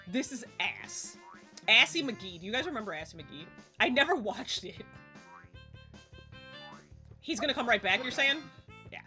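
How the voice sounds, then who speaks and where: A woman's voice: on the high side, lively intonation, normal speed, long pauses, bright, forceful tone, faint music behind. A woman around forty giving casual live gameplay commentary as a streamer, exasperated and swearing freely.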